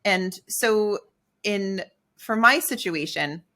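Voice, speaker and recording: Candid, bright-voiced middle-aged woman. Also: mid-range voice, slow pace. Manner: candid, animated, acts out her own inner dialogue. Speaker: podcast co-host. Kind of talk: casual personal storytelling.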